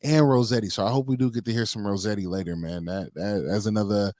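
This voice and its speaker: A man's voice: lowish voice, fairly even intonation, quick pace, a little mellow, no room sound, studio quality. A man co-hosting a casual livestream talk show, easygoing and a little rambling. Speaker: co-host.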